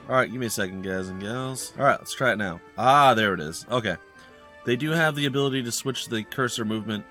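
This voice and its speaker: A man's voice: medium pitch, quick pace, sharp tone, faint music behind. A man hosting a let's play, giving casual gameplay commentary in a rambling, hesitant way full of fillers and restarts, at a desk microphone at home.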